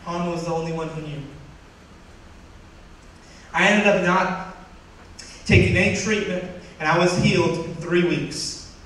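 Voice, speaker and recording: A young man tells a personal story with animated delivery, slipping into the voices of the people he quotes. His voice sits fairly high. It is heard from a distance in a very reverberant hall with faint noise behind. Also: unhurried, long pauses. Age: young adult. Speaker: student speaker. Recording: echoey hall from far off.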